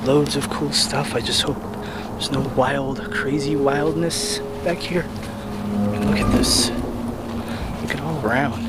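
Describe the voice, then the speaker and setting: A man vlogging as he walks through a city park, chatty and excited, rambling as he films on a handheld camera. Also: medium pitch, unhurried, pauses often, heavy background noise. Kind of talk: casual walking tour narration.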